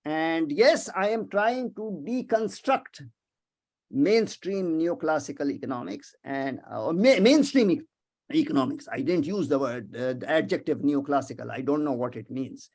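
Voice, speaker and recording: A man giving a webinar lecture as a visiting professor, emphatic, animated and prone to digressions, over a video call. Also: a little high, moderate pace.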